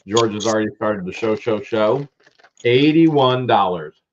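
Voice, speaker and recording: A man hosting a live-stream auction, loudly calling out lots and prices with excitement. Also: fairly low pitch, measured pace, lo-fi sound, a little hiss or hum. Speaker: livestream auction host.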